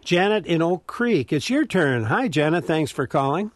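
A man's voice: a little high, sing-song, normal speed, no echo. A man hosting a call-in radio show, keeping it brief and friendly as he brings callers on.

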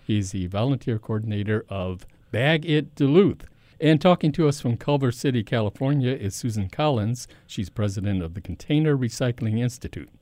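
A man's voice: mid-range voice, lively intonation, normal speed, warm tone, no room sound. A man hosting a radio interview show from a studio, talking in a conversational way and laughing easily. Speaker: radio talk show host. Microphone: studio microphone.

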